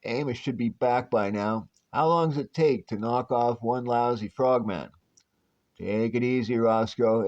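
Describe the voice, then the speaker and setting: A man voicing a greedy, blunt male crook with rough tough-guy talk, on a dull lo-fi recording. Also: medium pitch, a little mellow, lightly acted.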